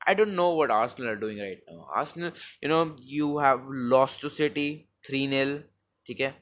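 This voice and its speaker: Man, Indian English accent, young adult, mid-pitched, rambling casual football talk, cheap home mic. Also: normal speed, fairly bright tone, slight background noise. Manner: rambling, many fillers and restarts. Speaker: football vlogger. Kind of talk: casual match recap monologue. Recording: low-quality home mic.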